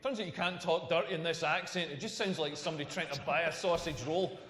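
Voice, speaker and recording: A man plays a brash Scottish comic in his forties, working through a bawdy stand-up set. His voice sits high for a man and rings out in a roomy hall with a long tail of reverb. A faint hiss sits under the recording. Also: fast talker, fairly bright tone, lightly acted. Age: 40s. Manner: brash, rambling, punchline-driven banter. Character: crude, self-mocking middle-aged male stand-up comic. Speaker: stand-up comedian. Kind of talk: stand-up comedy routine. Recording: echoey hall with faint noise.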